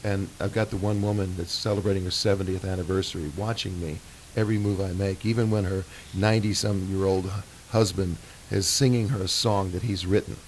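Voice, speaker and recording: A man's voice: low voice, fairly even intonation, a little fast, hardly any pauses. An older man, a longtime performer, earnestly telling a rambling story on a radio show. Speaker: guest singer and performer. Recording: faint hiss.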